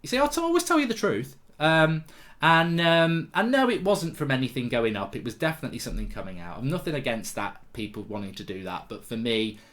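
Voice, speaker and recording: A middle-aged man from England talks in a loose, rambling way, swearing freely and often breaking into a feeble put-on sick voice. His pitch sits in a middle range for a man, and his delivery is casual and unscripted. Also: big pitch swings, fairly quick, a bit bright. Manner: rambling, swearing, puts on mock weak voices. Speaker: host. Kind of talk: casual chat.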